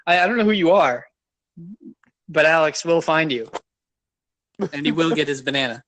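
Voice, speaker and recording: A man's voice: fairly high pitch, expressive, moderate pace, fairly bright tone, a little hiss or hum. A man co-hosting a casual chat podcast. He teases his friend with sarcastic jokes. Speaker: podcast co-host.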